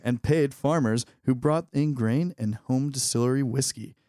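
A male co-host chats casually and drops wry one-liners. His voice sits at a middle pitch and sounds close and dry, with no room echo. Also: normal speed, warm tone. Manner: wry short interjections. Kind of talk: casual chat.

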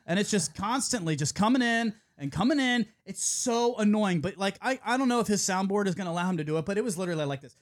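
A young man hosts a casual talk show, spinning a long story and acting out what other people said. His voice is very lively and swings widely in pitch, and he swears freely. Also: fast, hardly any pauses. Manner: animated storyteller, lots of swearing and quoting others. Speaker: radio show host. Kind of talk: casual chat.

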